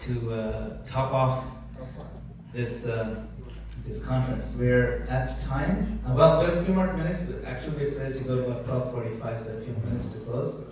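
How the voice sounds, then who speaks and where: Genial male moderator in a booming hall. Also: normal speed. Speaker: conference moderator. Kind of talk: closing remarks at a conference. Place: large conference hall. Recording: echoey hall, voice far from mic.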